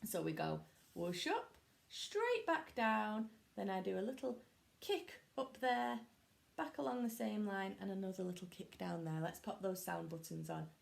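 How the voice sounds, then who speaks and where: A woman teaching children a phonics lesson, talking slowly in a sing-song, encouraging teacher voice. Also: mid-range voice, lively intonation, gravelly. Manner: slow, sing-song teacher voice with lots of praise. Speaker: primary school teacher.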